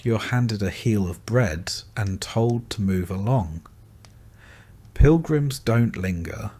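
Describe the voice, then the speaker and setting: A man narrating a scripted bedtime history story in a calm, unhurried way. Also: medium pitch.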